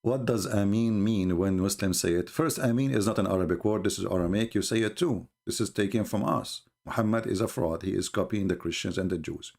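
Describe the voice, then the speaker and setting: A man giving live-streamed commentary in an emphatic, scornful, mocking manner, often halting with fillers and restarts. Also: fairly low pitch, creaky, darkish tone.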